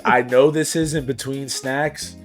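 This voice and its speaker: A man's voice: mid-range voice, steady tone, slow pace, faint music behind. A young man co-hosting a podcast, talking in a loose, rambling way, saying "bro" constantly and laughing often. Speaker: podcast co-host. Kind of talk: casual chat.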